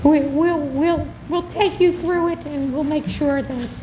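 A woman official reassuring audience members at a forum, direct and calm. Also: high-pitched, unhurried, a little hiss or hum, rough recording. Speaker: fund official answering questions. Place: public forum.

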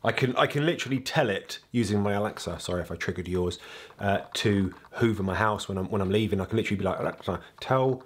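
Deep-voiced chatty man. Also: quick pace, breathy edge. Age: 40s. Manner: chatty and enthusiastic. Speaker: vlogger. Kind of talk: casual chat. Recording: music playing underneath.

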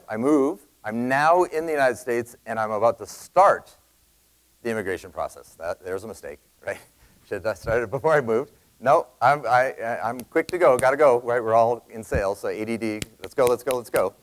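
A Canadian man giving an energetic sales talk to a live audience, telling a story in quick bursts with loud emphasis. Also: mid-range voice, poor audio. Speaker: sales speaker.

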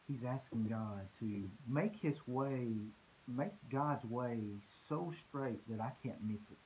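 Earnest preacher guy in church, mid pitch voice, stumbles and repeats words a lot, faint hiss behind. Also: takes it slowly, darkish tone, poor audio. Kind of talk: conversational sermon.

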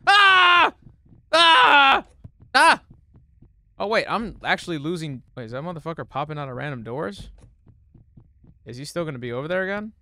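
A young man streaming a horror game demo, swearing and reacting, shifting between low muttering and sudden yelling. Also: expressive, fast, dry recording. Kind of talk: live gaming commentary.

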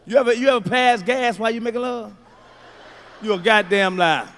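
A middle-aged male stand-up comedian doing a profane routine, swinging from low mutters to loud shouts. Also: fairly quick.

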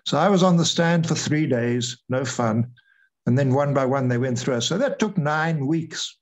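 A man's voice: medium pitch, normal speed, poor audio. Older man recounting a story. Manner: lively retelling, acts out quoted voices. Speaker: retired air force officer, guest. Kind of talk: storytelling interview.

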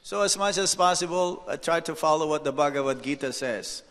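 A man, a monk, giving an unhurried devotional lecture, telling anecdotes and dropping rhetorical "hmm?" asides. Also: a little high, fairly bright tone. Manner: storytelling, reads out anecdotes. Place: temple hall. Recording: echoey hall reverb.

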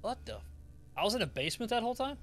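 Young male gamer, bright, lively voice, swears a lot, laughs through the scares. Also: high voice, rapid-fire, a little hiss or hum. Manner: excitable and profane, laughs often. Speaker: gaming streamer. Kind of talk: horror gameplay commentary.

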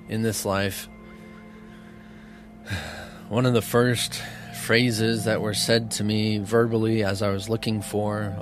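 A man giving an earnest, emotional spiritual talk, often laughing softly between thoughts. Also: on the low side. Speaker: spiritual teacher. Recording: music bed under voice.

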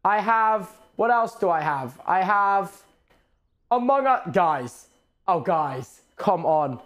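A man casually chatting while streaming VR games, excitable and rambling, swearing a lot, on a headset mic. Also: high voice, slow, lo-fi sound. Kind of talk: casual gaming stream chat.

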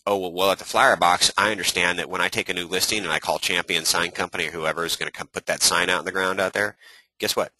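An energetic real estate coach leads a webinar in a low, fast male voice, often posing rhetorical questions and acting out brief exchanges with homeowners. The recording is rough but has no echo.

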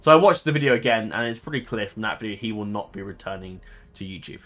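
A man's voice: lowish voice, animated, fast, a bit bright. A man hosting a gaming channel, chatting casually to his viewers in a rambling, hesitant way, often correcting himself and filling gaps with ums.

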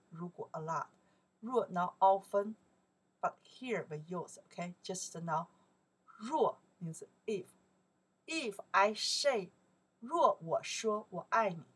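A woman with a Chinese accent teaching a song lesson, explaining in simple English and singing lyric lines slowly. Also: fairly low pitch, a bit bright, breathy edge. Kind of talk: slow song lesson for learners.

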